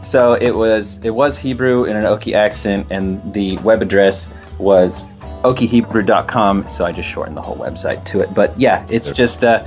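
A man, a podcast guest talking in a relaxed, easygoing way. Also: lowish voice, moderate pace, faint music behind. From Oklahoma, USA. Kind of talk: casual podcast chat.

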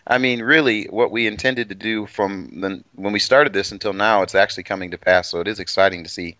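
Man, eager co-host, low voice, dry close sound. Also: steady tone, fairly quick, pushed and bright, no echo, low-quality recording. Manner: enthusiastic. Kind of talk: casual podcast chat.

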